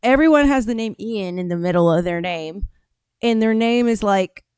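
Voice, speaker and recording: A woman's voice: medium pitch, normal speed, darkish tone, smooth, dry recording. An American woman hosting a casual live stream, rambling as she reads out viewer comments. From United States. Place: home studio.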